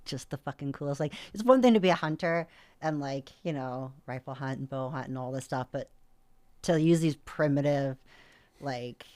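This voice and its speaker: A woman from North America, a podcast guest, telling a story in an animated, casual way and often quoting herself. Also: extremely low pitch, moderate pace. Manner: animated, frequent "like" fillers, quotes herself.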